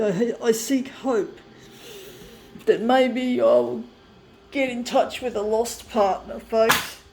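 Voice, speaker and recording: A woman's voice: high-pitched, takes it slowly, creaky, pauses often, a little mellow, a little hiss or hum. A woman artist rambling to camera, upset and shaky on the verge of tears, self-critical and repeating herself. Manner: self-critical, repetitive, keeps saying folks.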